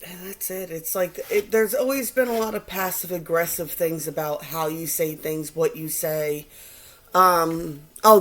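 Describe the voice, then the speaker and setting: A woman giving a casual tarot reading to viewers, animated and quick to mimic the people she quotes. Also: lowish voice, soft background music. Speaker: tarot reader.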